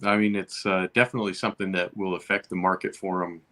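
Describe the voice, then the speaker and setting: Man, lowish voice, easygoing guest, casual chat, lots of uh and you know. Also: level tone, fast talker, a bit bright.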